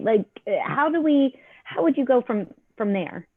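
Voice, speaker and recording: A woman's voice: fairly high pitch, very animated, moderate pace, slightly rough, no echo, narrow, tinny audio. A woman taking part in a webinar, answering and asking questions hesitantly, with many fillers. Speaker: webinar participant. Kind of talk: casual discussion.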